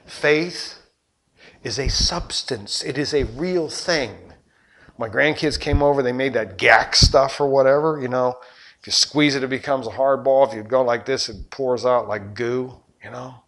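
An older man preaching a sermon as a pastor, with rhetorical questions and passion that surges loud and then drops low. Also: unhurried. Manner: impassioned preaching, rhetorical questions, surging and dropping loudness.

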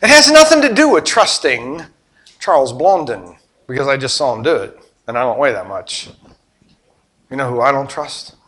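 A man preaching a sermon with animated storytelling, swinging between loud bursts and hushed asides. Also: medium pitch, normal speed, pauses often, slightly rough. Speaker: pastor.

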